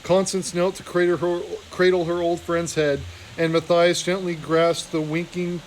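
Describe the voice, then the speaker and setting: Man, reading a novel aloud, higher voice, restarts and self-corrections, faint noise behind. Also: flat delivery, moderate pace, rough recording. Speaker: reader.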